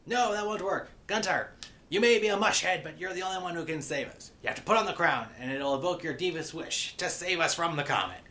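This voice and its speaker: Bright-voiced scolding old wizard, pushed up higher, as a man puts him on. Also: fairly quick. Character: stern arrogant old male wizard.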